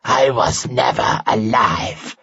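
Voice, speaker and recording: A man's voice: mid-range voice, takes it slowly, sharp tone, breathy edge, full character voice. A man voicing a sinister undead creature in an audiobook, hissing and wheezing with a labored voice. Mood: menacing. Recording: dull lo-fi audio.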